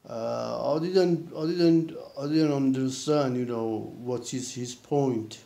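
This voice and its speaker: Halting man, slow and echoey. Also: medium pitch, vocal fry, mellow. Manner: halting, many restarts and repeated fillers. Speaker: vlogger recounting a personal experience. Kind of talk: casual spoken account. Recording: roomy echo.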